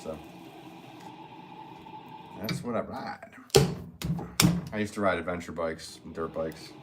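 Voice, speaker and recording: A man, a potter, chatting casually on a livestream and reading out viewer comments, relaxed and joking, with frequent chuckles. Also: low-pitched, takes it slowly, very noisy. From northwest Connecticut. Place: pottery studio.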